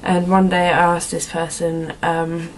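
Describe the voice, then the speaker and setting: Against a noisy background, a young woman with a voice on the low side answers viewer questions at a measured pace, her delivery completely flat. In this casual vlog she rambles in a put-on accent, not her own, filling her speech with "like" and "um."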